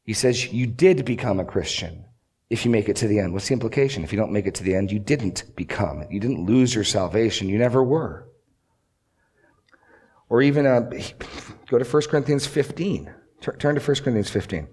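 A man's voice: lowish voice, animated, brisk, darkish tone, breathy edge. Man preaching an earnest expository sermon. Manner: earnest expository preaching, rhetorical questions, repeats key lines. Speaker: pastor.

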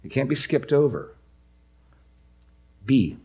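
A man's voice: mid-range voice, normal speed. A man preaching a sermon to a congregation in a church, speaking emphatically and repeating key phrases for stress. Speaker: pastor.

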